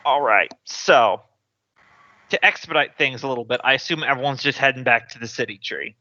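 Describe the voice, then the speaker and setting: Male game master, bright tone, relaxed rule talk, dry dull audio. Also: medium pitch, fairly quick, dry recording. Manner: easygoing, explaining rules. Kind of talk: running a tabletop game.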